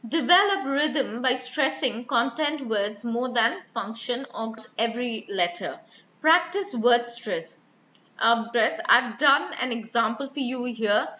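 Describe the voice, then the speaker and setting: A woman's voice: fairly high pitch, lively intonation, slow, pushed and bright, slight background noise. A woman teaching a live online IELTS speaking lesson, explaining stress and sounds and demonstrating example words. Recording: echoey room, slightly dull sound.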